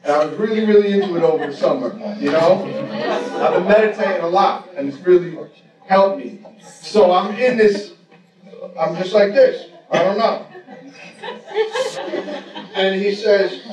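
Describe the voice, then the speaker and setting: A man's voice: high voice, moderate pace, long pauses, darkish tone. A man telling a rambling, profane, self-mocking story to a live audience. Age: adult. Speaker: storyteller on stage. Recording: roomy live venue, distant mic, audience laughter. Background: audience laughter.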